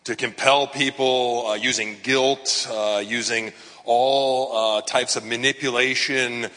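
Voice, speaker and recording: A man's voice: medium pitch, steady tone, takes it slowly, sharp tone, long reverb tail. A man, a pastor, preaching in a casual, conversational way with frequent fillers and asides. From Southern California. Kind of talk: sermon.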